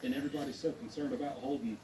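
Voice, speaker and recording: A man's voice: medium pitch, fairly even intonation, rapid-fire. A man reacting to a clip, sarcastic and incredulous. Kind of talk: casual reaction chat. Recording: roomy, distant, noisy.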